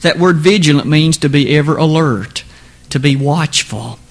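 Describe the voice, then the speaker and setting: Give me an earnest man preaching a sermon with emphatic, rising delivery and a slightly high voice. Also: normal speed.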